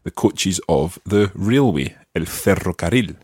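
A man teaching pronunciation who explains patiently, models the sounds slowly and jokes about his own mistakes. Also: deep voice, lively intonation, darkish tone, breathy edge, dry recording, studio quality. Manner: self-deprecating. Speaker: language teacher.

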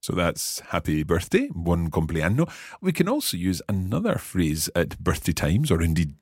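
A man's voice: sits low, big pitch swings, normal speed, darkish tone, breathy edge, dry recording, clean studio sound. A man hosting a podcast language lesson, explaining phrases in an upbeat, explanatory way. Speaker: language teacher and podcast host.

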